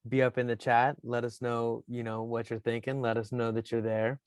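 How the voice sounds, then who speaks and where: A man hosting a podcast in casual chat, animated and playful with lots of fillers. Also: mid-range voice, moderate pace, clear, resonant tone, no echo, studio quality. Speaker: podcast host.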